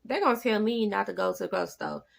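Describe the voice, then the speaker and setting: A woman, casually telling a personal story, leaping up high for quoted lines and dropping to a hush when scared. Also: very fast. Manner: animated, jumps to high exclaiming quoted lines; drops to hushed, breathy tones when talking about fear. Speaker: vlogger.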